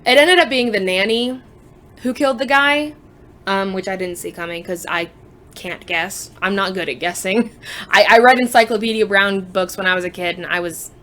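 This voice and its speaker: A woman's voice: medium pitch, normal speed, a bit bright. A young woman chatting casually about books she has read, joking and sarcastic, with frequent asides. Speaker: book vlogger. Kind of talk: casual book review chat.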